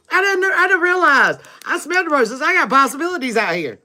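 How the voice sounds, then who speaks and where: This livestream tarot reader is a woman whose high voice is very animated and sharp-toned, moving at a moderate pace with long pauses. Chatty and familiar, she calls viewers "baby" and "boo", tags lines with "okay?" and laughs often between remarks.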